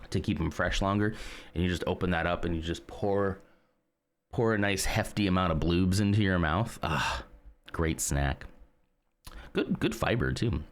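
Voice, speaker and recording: A man streaming live, chatting casually and rambling as he reads and answers his chat. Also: deep voice.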